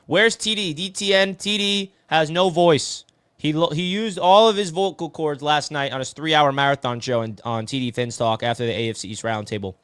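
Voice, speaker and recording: A man's voice: a little high, normal speed, a bit bright, clear, resonant tone, no echo. Casting: New man, live sports stream host, casual and chatty, close dry mic. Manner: chatty, answers viewer comments, says "bro" a lot. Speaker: sports talk show host reading live chat.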